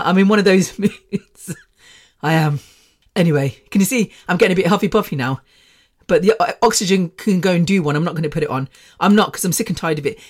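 A woman hosting her own podcast, chatting casually and rambling from topic to topic with frequent laughs. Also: lowish voice. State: using an oxygen machine. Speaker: podcast host. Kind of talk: casual solo podcast chat.

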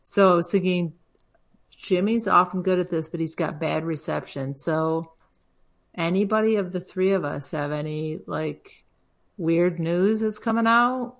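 A woman co-hosts a casual talk show, chatting freely and steering the talk with questions. Her voice sits a little low for a woman. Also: unhurried. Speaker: podcast co-host. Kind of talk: casual chat.

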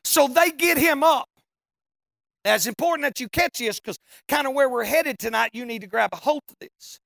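A preacher telling a funny story in a sermon, folksy and animated, now and then breaking into shouts. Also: high voice, normal speed, creaky, long pauses, no echo, clean studio sound.

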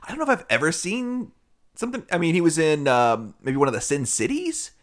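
A man's voice: fairly high pitch, big pitch swings, a little fast, fairly bright tone. A man in his forties co-hosting a casual movie podcast, wry and jokey with laughing asides. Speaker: podcast co-host. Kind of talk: casual movie review chat.

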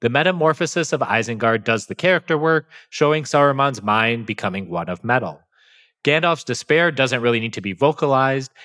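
Guy breaking down a movie, pretty even delivery, bright edgy tone. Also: mid-range voice. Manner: self-described monotone, analytical with fillers. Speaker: podcast host. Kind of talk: film analysis commentary.

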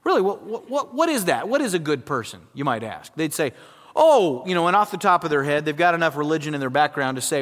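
A man preaching a sermon as pastor, emphatic, swinging from loud to hushed and acting out quoted voices. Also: fairly high pitch, very animated, quick pace, long reverb tail.

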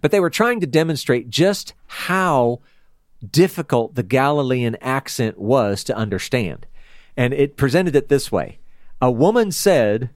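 A man leads a relaxed Bible study with an animated, chatty delivery. His pitch swings widely as he talks, and he breaks into laughter now and then. The sound is dry and close. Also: a little slow, dry recording. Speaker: Bible teacher. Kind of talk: casual Bible study talk.

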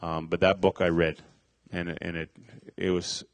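Middle-aged man, very low voice, dry close sound, halting personal testimony with lots of restarts. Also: level tone, no room sound. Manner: halting, many fillers and restarts. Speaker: speaker sharing a testimony.

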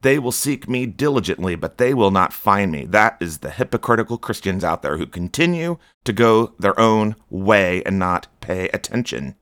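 A man's voice: lowish voice, animated, moderate pace, hardly any pauses, a bit bright, dry recording, studio quality. A man preaching a stern, scolding sermon on his podcast, rebuking his listeners.

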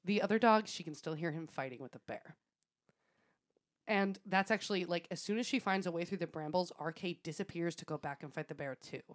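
A woman's voice: fairly low pitch, a little fast. A woman co-hosting a podcast, casually retelling a story with frequent laughs and swearing. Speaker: podcast co-host.

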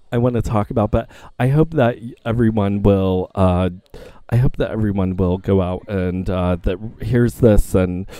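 A man's voice: lowish voice, warm tone, no echo. A man co-hosting a casual, campy chat about a book, with a rambling manner and an Indiana twang. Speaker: podcast co-host.

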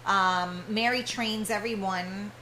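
A woman's voice: medium pitch, steady tone, slow pace, sharp tone, a little hiss or hum. Chatty woman hosting live radio, roomy sound. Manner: chatty, many fillers and restarts. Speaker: radio show host. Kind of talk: casual live radio interview.

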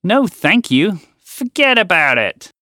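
A man voicing an angry, indignant male frog who shouts his complaints. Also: high-pitched, big pitch swings, takes it slowly, dry recording, studio quality, voice pushed up, heavily acted. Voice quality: shouting, exasperated.

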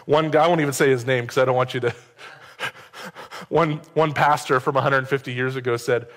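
A male pastor giving a sermon in a conversational, joking way, with quick asides to the congregation. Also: medium pitch, steady tone, a bit bright. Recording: long hall reverb.

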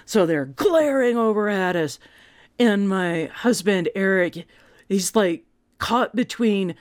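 A woman in her fifties telling comic stories about her family, animated and self-mocking, her voice jumping up for the punchlines. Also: medium pitch, slow pace, dry recording, clean studio sound. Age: 50s. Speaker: vlogger. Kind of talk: comic personal storytelling.

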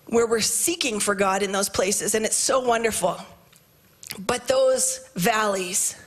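A woman pastor delivers a sermon in church, her voice pitched high. She moves from fervent, near-shouted declarations to quiet, chatty asides to her congregation. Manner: impassioned, rising to shouts, then hushed and conversational.

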